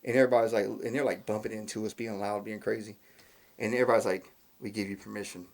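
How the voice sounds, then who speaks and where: A man's voice: on the low side, fast. Rambling man telling stories. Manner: rambling, animated, laughs at his own stories. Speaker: podcast guest. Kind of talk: casual chat, storytelling.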